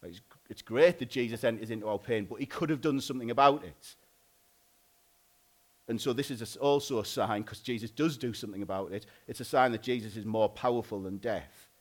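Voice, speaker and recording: A married man preaching a sermon in a loose, conversational way, often pausing and restarting. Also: mid-range voice. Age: adult, married. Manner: informal, conversational, frequent "like" and restarts.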